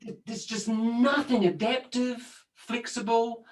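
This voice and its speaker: A man co-hosting a casual conversation, telling stories in an animated, rambling way with lots of restarts. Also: extremely high pitch, slow, distant mic, low-quality recording. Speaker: co-host. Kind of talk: casual conversation about personal growth.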